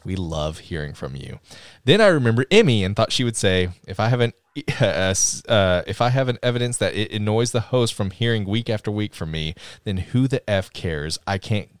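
A man co-hosts a casual live-streamed chat show and reads listener messages aloud. His pitch swings widely as he talks. The sound is dry and close. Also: expressive, normal speed, smooth, no echo. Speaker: podcast co-host reading listener comments.

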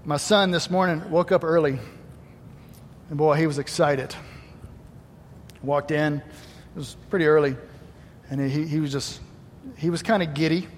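Guy preaching in a church, kinda high voice, big echoey hall, jumps loud then quiet. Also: a little slow, pauses often, slight background noise. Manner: animated, acts out quoted voices, swings between loud emphasis and quiet asides. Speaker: pastor. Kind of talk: Easter sermon.

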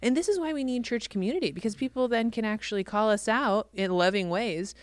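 A woman's voice: fairly high pitch, a little fast, no echo. A woman co-hosting a casual Bible discussion, laughing often as she talks. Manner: warm-hearted, laughs often. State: pregnant. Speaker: podcast co-host.

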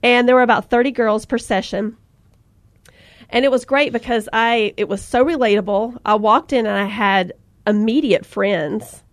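A woman's voice: on the high side, moderate pace, dry recording. A woman hosting a faith-based podcast, chatting and speaking encouragement with emotion. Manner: warm, emotional, preaching encouragement. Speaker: podcast host.

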